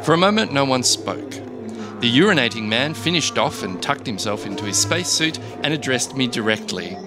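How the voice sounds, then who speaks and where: A man reads a comic first-person story in a dry, deadpan way. His pitch swings lively up and down. Music plays steadily behind him. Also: brisk. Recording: background music.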